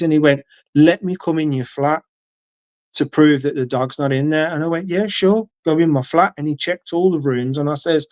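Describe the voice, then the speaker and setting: A man's voice: a little high, no echo. English man telling a sweary story. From England. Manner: swears freely, acts out quoted dialogue. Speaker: guest. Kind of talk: casual storytelling.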